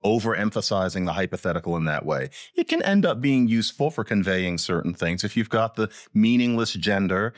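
A man appears as a linguist guest in a podcast interview, explaining things animatedly with big swings in pitch. The audio is studio quality with no room sound.

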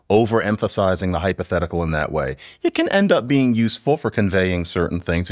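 A man speaking as a linguist guest in a conversational interview, explaining in a lively, professorial way. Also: lowish voice. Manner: lively, professorial, imitates accents playfully.

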